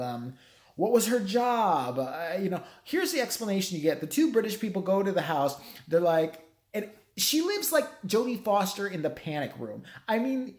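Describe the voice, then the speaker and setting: A man's voice: high-pitched, darkish tone. A man giving a casual, rambling movie review, swearing freely and acting out characters' lines. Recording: echoey room.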